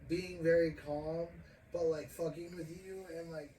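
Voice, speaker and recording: A man's voice: on the high side, fairly even intonation, unhurried, dark tone. Rambling, profane young man hosting a podcast. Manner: rambling, profane, laughs often. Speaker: podcast host. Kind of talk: casual podcast chat. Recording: roomy, distant mic, faint noise.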